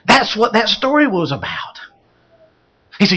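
Male pastor preaching. High, animated voice that questions the flock and rises to fervent exclamations. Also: measured pace, pauses often, husky, poor audio. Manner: asks the congregation questions and builds to fervent exclamations. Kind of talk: sermon.

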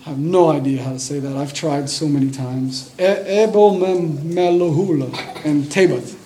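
A man preaching a sermon, telling a Bible story with lively excitement and reading scripture aloud. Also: a little high, normal speed, slight background noise. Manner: animated storytelling, reads scripture aloud, acts out scenes with excitement.

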